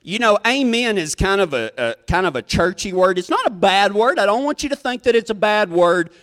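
Folksy high-voiced cowboy preacher. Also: male voice, sing-song, brisk, a bit bright. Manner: folksy, drawling storyteller who acts out quoted voices. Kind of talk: storytelling sermon.

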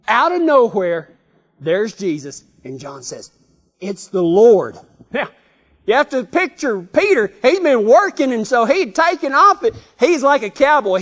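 Brief: male preacher, high voice, folksy storyteller, long reverb. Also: a bit bright. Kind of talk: sermon.

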